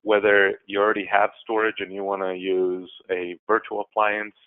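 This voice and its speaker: A man giving a business webinar talk, halting and repeating words as he goes. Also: lowish voice, completely flat delivery, smooth. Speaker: presenter. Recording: tinny phone-like audio.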